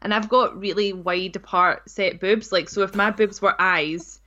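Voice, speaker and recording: A woman's voice: mid-range voice, steady tone, unhurried, pushed and bright, lo-fi sound. Chatty Scottish woman on a podcast. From Scotland. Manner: chatty and giggly, with playful asides. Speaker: podcast co-host. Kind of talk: casual chat.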